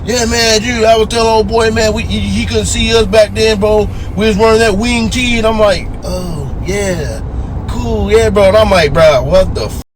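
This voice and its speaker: A man's voice: high voice, normal speed. A man in his twenties telling a story in a casual, profane way, acting out the voices of the people he quotes. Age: 20s. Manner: animated, acts out quoted voices. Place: in a car. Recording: noisy car with traffic outside. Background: vehicle and street noise.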